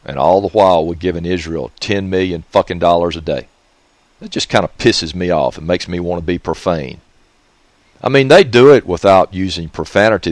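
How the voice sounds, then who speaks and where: A man with a low voice rants on his own radio show. He swears constantly, sneers at his targets and swings into loud hollering, and the recording is dry and close. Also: dry recording. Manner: profane, ranting, sneering. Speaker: radio host. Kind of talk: ranting solo radio monologue.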